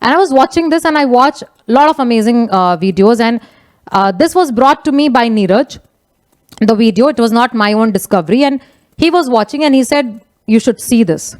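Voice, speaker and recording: A woman's voice: fairly high pitch, a little fast. A middle-aged woman with an Indian English accent giving a chatty motivational talk, slipping into Hindi phrases. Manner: animated, conversational, mixes Hindi phrases. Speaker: motivational speaker, business leader.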